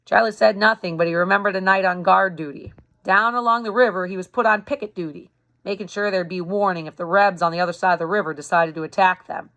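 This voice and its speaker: A woman reading a historical novel aloud in an even, everyday voice at a middling pitch. Between passages she slips into loose, chatty explanations aimed at young listeners, correcting herself and rereading when she stumbles. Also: brisk. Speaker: reader for a youth club.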